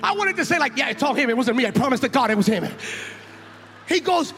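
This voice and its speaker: A man preaching a sermon, telling a story with acted-out dialogue and building into shouted passages. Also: very high voice, expressive, fast. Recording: long hall reverb with faint music.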